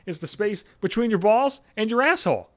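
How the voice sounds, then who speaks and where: A man's voice: sits high, expressive, a little fast, fairly bright tone, voice pushed up. A man retelling the words of a boastful male coworker who blurts things out eagerly.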